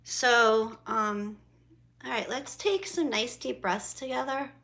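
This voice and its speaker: A woman's voice: a little high, slow, sharp tone. A woman hosting a casual spiritual livestream from her phone, greeting viewers by name and swearing freely. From South Florida. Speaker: livestream host and spiritual reader.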